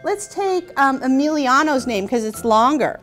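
Young woman, kids' show host, unhurried and encouraging with little ones, high bright pitch. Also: animated, faint music behind. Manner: patient, encouraging, asks questions. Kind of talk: teaching young children.

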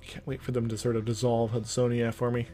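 A man's voice: mid-range voice, monotone, quick pace, mellow, faint music behind. A young man giving casual let's-play commentary, rambling, mumbling and chuckling to himself as he plays. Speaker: gameplay commentator. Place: indoor room with loud trucks outside.

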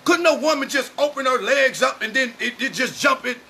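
A man preaching an emotional street sermon straight to camera, often shouting. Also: very high voice, fairly quick, creaky, slight background noise. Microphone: camera mic, speaking to camera.

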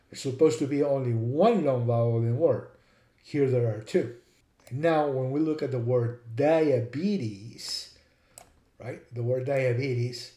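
Male teacher, mellow voice, patient step-by-step explainer, roomy echo. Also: medium pitch. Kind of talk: explanatory lesson.

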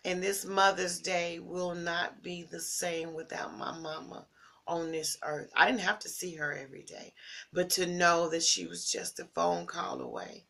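A grieving woman giving a heartfelt personal tribute, slow and near tears, repeating her phrases and dropping at times into breathy whispers. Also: on the low side, steady tone, fairly bright tone. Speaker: vlogger sharing a personal tribute. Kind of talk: emotional personal monologue.

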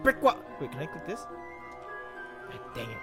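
A man's voice: a little high, big pitch swings, moderate pace, music in the background. A young man doing jokey horror game commentary, rambling to himself and yelping when startled. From Philippines. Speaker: gaming YouTuber.

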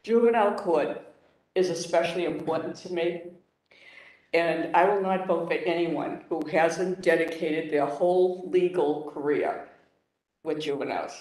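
A man speaking as a councilor at a hearing, emotional and halting, rambling with restarts. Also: a little high, fairly even intonation, darkish tone. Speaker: city councilor. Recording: echoey room, off-mic.

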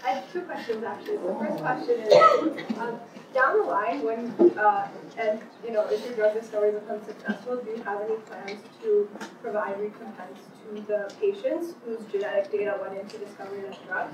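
A woman's voice: mid-range voice, animated, normal speed. Woman audience questioner, hesitant, distant from the mic, noisy echoey room. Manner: hesitant, many "um" and "like". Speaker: audience member asking a question. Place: audience seat in lecture hall.

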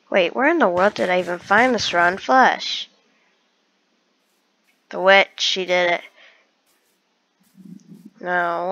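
A woman with a fairly low, creaky, somewhat bright voice talks to herself while playing a survival game, describing every step she takes in casual let's-play commentary. The recording is dull and lo-fi, with no room sound.

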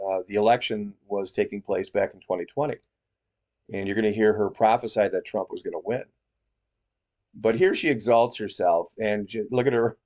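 A man's voice: fairly low pitch, a little mellow. A man hosting a commentary video, talking in a casual, sarcastic way. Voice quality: sarcastic, conversational.

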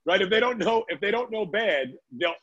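A man from Brooklyn, a chef, talking on a video call from his restaurant. His voice sits a little high for a man, and he rambles warmly through stories with plenty of "uh"s and "right?"s. The sound is dry and dull, like lo-fi call audio. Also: lively intonation, normal speed, no echo. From Brooklyn, New York. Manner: chatty storyteller, many "uh"s and "right?". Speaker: guest chef. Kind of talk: casual video-call chat.

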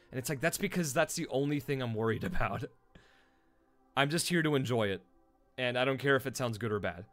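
A man's voice: mid-range voice, a little fast, fairly bright tone. A man who streams and voice-acts, chatting casually with his viewers in a rambling, self-deprecating way, full of fillers and restarts. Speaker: streamer and voice actor.

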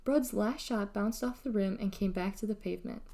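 Female storybook reader, mellow tone, steady and expressive. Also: medium pitch, normal speed, creaky. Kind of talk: reading a children's novel aloud.

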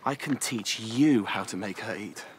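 An actor playing a confident young suitor who lectures in a self-assured way. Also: male voice, fairly low pitch, a little slow, noisy background, close to an everyday voice. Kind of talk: period TV comedy acting.

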